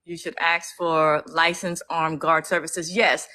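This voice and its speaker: A woman's voice: low-pitched, level tone, a little slow, pushed and bright, poor audio. A woman hosting a casual livestream who speaks emotionally and outspokenly, swears freely and reads out viewer comments to thank them. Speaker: livestream host and activist. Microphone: phone livestream.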